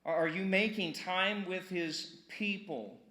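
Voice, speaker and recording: Energetic, bright-voiced male pastor preaching. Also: high voice, takes it slowly, echoey room. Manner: energetic, conversational preaching with rhetorical questions and repeated words. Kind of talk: sermon. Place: church sanctuary.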